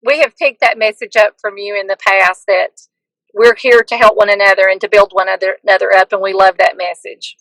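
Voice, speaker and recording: A woman's voice: medium pitch, steady tone, fairly quick, fairly bright tone, no room sound, rough recording. A woman co-hosting a casual interview over a video call, chatty and giggly, with frequent stumbling restarts. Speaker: co-host, school counselor.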